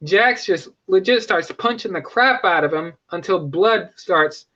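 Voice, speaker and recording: A man's voice: high voice, animated, unhurried, pushed and bright, dull audio. A young man casually reviewing a movie, rambling with frequent restarts and fillers.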